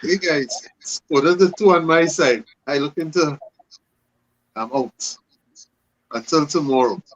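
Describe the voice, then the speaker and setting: A man on a casual live stream says a friendly goodbye to the group. His voice sits higher than most men's, and the audio sounds dull and lo-fi. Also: measured pace. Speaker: stream guest.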